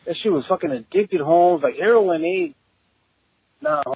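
A man's voice comes through a tinny, phone-like voicemail line. It sits a little high and sounds husky and dry. He talks in loose slang, tagging his lines with "eh". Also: expressive, measured pace, no echo. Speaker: voicemail caller.

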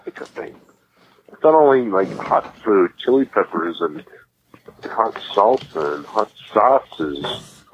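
A man's voice: lowish voice, very animated, takes it slowly, dull audio, slight background noise. A tipsy man leaving a rambling, giggly voicemail, hiccuping as he talks. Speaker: voicemail caller. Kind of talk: casual voicemail.

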